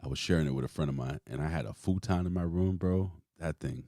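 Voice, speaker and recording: A man in his forties hosts a casual wrestling podcast, his low voice moving at a quick clip. Rambling and swearing freely, he tells stories with lots of animation, and the studio-quality recording has no echo.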